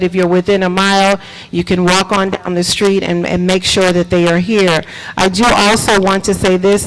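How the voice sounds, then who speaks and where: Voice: mid-range voice, fairly bright tone, a little hiss or hum, poor audio. A school superintendent giving announcements at a public board meeting, emphatic and repetitive, quizzing the audience, into a table microphone. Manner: preacher-like, repeats key points, quizzes the audience.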